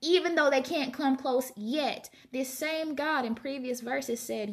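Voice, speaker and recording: Woman, fairly high voice, casual scripture reading, informal reflections, chatty. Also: a little slow, few pauses. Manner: conversational, reads scripture aloud then muses informally. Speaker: Bible study vlogger.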